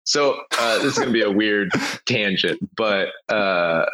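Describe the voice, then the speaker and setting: A man chatting casually on a podcast, telling an animated story with frequent swearing and laughter. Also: on the low side, unhurried, poor audio.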